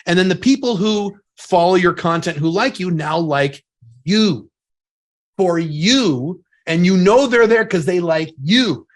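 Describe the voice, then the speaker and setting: A man's voice: high voice, animated, unhurried. A man co-hosting a podcast in casual chat, talking bluntly and emphatically, with some profanity. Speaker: podcast co-host.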